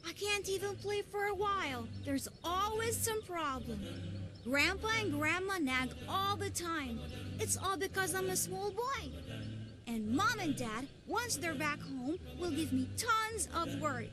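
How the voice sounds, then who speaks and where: A woman doing a whiny little cartoon boy who loves mischief, his voice very high and swooping as he drags his words out slowly. Music plays clearly behind him. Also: expressive. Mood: grumbling. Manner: whiny, complaining. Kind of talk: dubbed cartoon dialogue.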